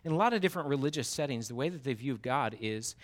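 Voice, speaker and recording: A man's voice: medium pitch, animated, quick pace. A man preaching a sermon in an earnest, emphatic way, often restarting his words.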